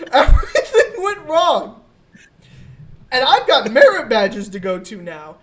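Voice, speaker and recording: A woman co-hosting a podcast, telling a comic story in a casual, profane and animated way. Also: a little high, slow. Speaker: podcast co-host.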